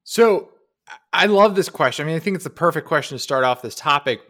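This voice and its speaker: Guy cohosting a podcast, kinda high voice, very opinionated, leans hard on his points. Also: animated, brisk, fairly bright tone. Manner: opinionated, emphatic, shifts pace often. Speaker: podcast co-host. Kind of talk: conversational podcast debate.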